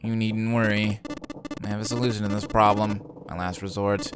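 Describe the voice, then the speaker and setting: Man voicing a smug, composed male game character with a low, deliberate delivery. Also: little pitch movement, noisy background, close to an everyday voice. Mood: calm.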